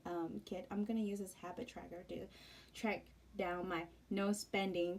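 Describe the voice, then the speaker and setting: Young woman rambling on casually, lots of ums, voice in the middle range, jumps high when she acts people out. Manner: chatty and rambling, with many fillers and restarts; acts out family members' lines in a much higher, louder voice. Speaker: planner vlogger. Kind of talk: casual storytelling voice-over.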